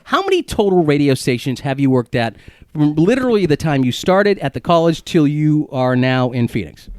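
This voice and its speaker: A man's voice: on the high side, very animated, moderate pace, clean tone, no echo. Laughing, joking man hosting a podcast. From Woburn, Massachusetts. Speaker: podcast host. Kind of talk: casual podcast chat.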